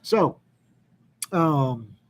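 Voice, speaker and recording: A man co-hosting a casual live chat, making announcements with lots of pauses and ums, and joking about himself. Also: a little high, lively intonation, slight background noise. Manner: halting, many ums, self-deprecating. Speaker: co-host, anthology editor.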